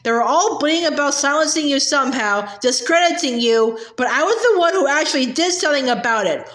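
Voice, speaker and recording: A woman's voice: high-pitched, lively intonation, a little fast, a bit bright. A woman voicing a sugary, menacing middle-aged witch official who speaks in a prim, clipped, insistent way, recorded in a roomy space. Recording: roomy echo.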